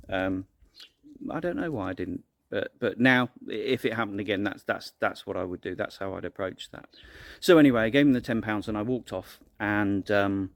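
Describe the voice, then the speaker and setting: A man's voice: fairly low pitch, a little mellow. A man, telling a personal story in a casual vlog monologue, earnest and rambling, with many restarts. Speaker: vlogger.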